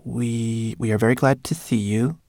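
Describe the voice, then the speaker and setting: A man's voice: mid-range voice, fairly even intonation, vocal fry, darkish tone, dry recording, clean studio sound, lightly acted. A man voicing a tiny, nervous male homunculus who whispers translations, in a storybook reading. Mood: eager. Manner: whispering translator, quick and eager.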